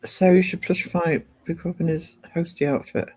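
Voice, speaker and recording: A woman's voice: fairly low pitch, steady tone, moderate pace, slightly rough, soft background music. A woman from northeast England chatting on a casual livestream, reading out viewer comments and rambling with lots of ums and restarts. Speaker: live streamer.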